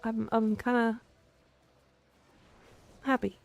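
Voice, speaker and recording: A young Canadian woman chats playfully on a casual live stream, reading her viewers' comments aloud, answering them, and growling "rawr" at them. Her voice is on the high side, with a level tone, slow pace, and vocal fry, and faint music plays behind her.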